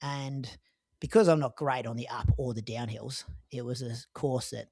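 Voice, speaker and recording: A man's voice: mid-range voice, normal speed, darkish tone, no room sound, studio quality. A man with an Australian accent, chatting on a running podcast and recounting a marathon with loose, filler-heavy storytelling. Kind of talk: casual podcast chat.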